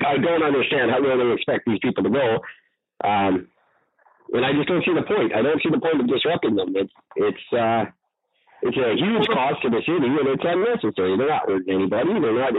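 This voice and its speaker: A man from Vancouver co-hosting a podcast, chatting casually, with frequent ums and restarts as he makes his points. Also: medium pitch. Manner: hesitant, many ums, stops and restarts, opinionated. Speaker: podcast co-host. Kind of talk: casual chat. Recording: tinny phone-like audio.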